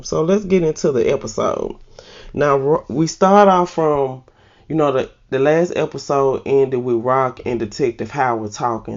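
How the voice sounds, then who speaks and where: A woman's voice: a bass voice, vocal fry, darkish tone, dull audio. A woman casually recapping a TV episode in a loose, slangy way and laughing at herself. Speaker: TV recap host.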